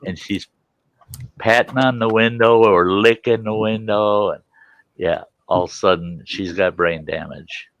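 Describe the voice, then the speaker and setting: A man in his sixties in casual storytelling, animated and acting out voices, swearing freely. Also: on the low side, unhurried, no echo. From Wisconsin. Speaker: vlogger.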